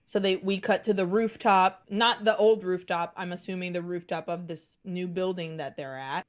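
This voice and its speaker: A woman's voice: on the low side, steady tone, normal speed. A woman co-hosting a podcast, casually retelling a film scene by scene with acted-out quotes and plenty of swearing. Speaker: podcast co-host. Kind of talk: casual chat recapping a film.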